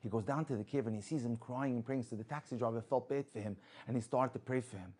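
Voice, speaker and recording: Man, mid-pitched voice, storytelling, animated, religious talk. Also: fast, breathy edge. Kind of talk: inspirational story told to an audience.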